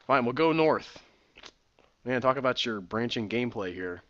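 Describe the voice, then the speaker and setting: A man's voice: mid-range voice, expressive, normal speed, a bit bright, dull audio. A man playing a text adventure, reading the game's text aloud and breaking off for sarcastic, puzzled asides. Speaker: let's-play gamer.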